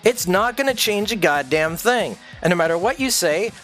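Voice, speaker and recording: High-voiced man ranting profanely. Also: lively intonation, moderate pace, fairly bright tone, faint music behind. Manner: profane, intense and rambling. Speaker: streamer. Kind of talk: ranting livestream monologue.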